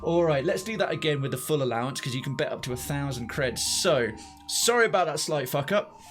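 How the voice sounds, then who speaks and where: Man in his twenties or thirties, somewhat high voice, live game commentary, swears and talks through his moves. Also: fairly quick, faint music behind. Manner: animated, swearing, thinks aloud. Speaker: streamer.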